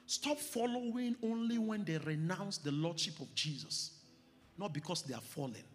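Pastor preaching in a reverberant hall. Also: male voice, sits high, animated. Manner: preaching with rising emphasis and slow stressed phrases. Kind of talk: sermon. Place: church hall. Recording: church hall reverb with music behind.

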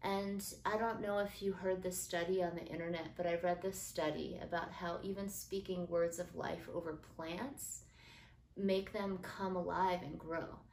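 A middle-aged woman hosting a podcast, talking earnestly and gently about parenting, with soft fillers and restarts. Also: lowish voice, steady tone, normal speed. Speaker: podcast host. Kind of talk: casual faith-based parenting talk. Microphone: built-in phone mic. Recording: roomy phone recording with faint noise.

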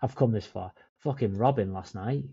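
A laid-back man chats on a podcast with his co-host, swearing now and then and calling him mate. His voice is mellow and dark. The sound is dry and a little dull. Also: fairly low pitch, moderate pace, creaky, husky, dry recording. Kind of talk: casual chat. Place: in Dublin, remote call.

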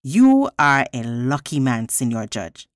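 A woman voicing a confident, cheerful male villager, reading aloud slowly with a lively pitch. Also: no echo, clean studio sound.

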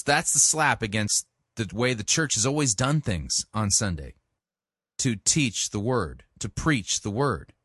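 A man who hosts a show, commenting critically on sermon clips in a sharp, pointed way. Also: lowish voice, no room sound, clean studio sound. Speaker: podcast host.

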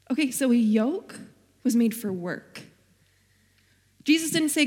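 A young woman preaches as a guest speaker in a large hall, earnestly sharing her own story and quoting scripture. Her voice is high and somewhat dark in tone, delivered at a normal speed.

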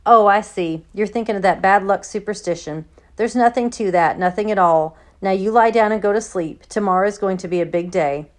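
A woman reading the part of a teasing, gruff old grandfather on a hunting trip, in her own voice. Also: medium pitch, fairly quick, close to an everyday voice. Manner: gruff, dismissive of superstition.

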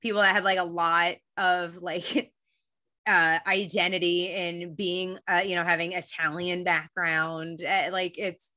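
A woman's voice: fairly low pitch, little pitch movement, measured pace, bright, forceful tone. A young American woman co-hosting a podcast in casual chat, blunt and profane. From United States. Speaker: podcast co-host.

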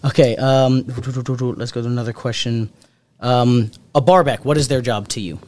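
A man's voice: medium pitch, fairly even intonation, moderate pace, darkish tone. A young man hosting a casual podcast, joking, swearing and laughing often as he chats. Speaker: podcast host.

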